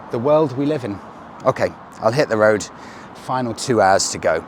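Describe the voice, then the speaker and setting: A man's voice: mid-range voice, expressive, moderate pace. A man talking casually as a motorcycle vlogger, telling a story in a chatty way, recorded outdoors by a road. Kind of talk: casual vlog narration. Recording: outdoor noise.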